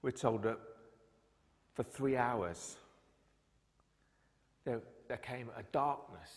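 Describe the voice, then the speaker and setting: A man preaching a sermon as pastor, swinging from loud, emphatic lines to hushed whispers. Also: on the low side. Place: church. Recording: long hall reverb.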